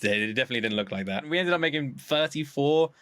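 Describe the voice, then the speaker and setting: A man talking as a podcast guest, telling stories in a lively way and acting out his own remarks. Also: mid-range voice, quick pace, no room sound. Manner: animated storyteller, acting out his own quotes. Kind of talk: casual podcast chat.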